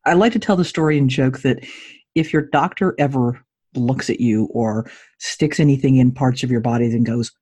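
A woman's voice: normal speed, slightly rough. A woman in her forties, a podcast guest, telling a personal story with jokes and acted-out dialogue. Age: 40s. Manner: jokey, acts out dialogue with lively pitch jumps.

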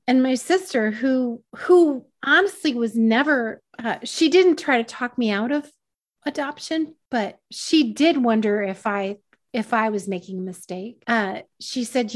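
Woman podcast guest with a fairly high voice, candid and self-mocking as she tells a personal story. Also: a little slow. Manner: candid, self-deprecating, laughing at herself.

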